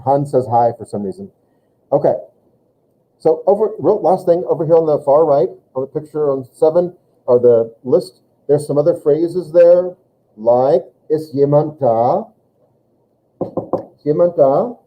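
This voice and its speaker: Male teacher in a classroom, slightly high voice, slow and deliberate delivery, muffled lo-fi sound. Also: animated. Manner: slow, deliberate reading of phrases. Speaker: German teacher. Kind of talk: classroom lesson.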